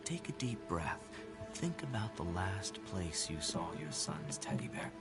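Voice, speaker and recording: A man voicing a calm, soothing park worker in a game. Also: sits low, measured pace, loud music behind the voice.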